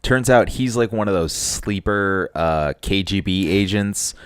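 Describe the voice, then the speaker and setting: A man's voice: low voice, unhurried, clear, resonant tone, no room sound. A man co-hosting a podcast, bantering casually with crude jokes. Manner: laid-back, crude banter. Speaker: podcast co-host. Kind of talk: casual comedic chat.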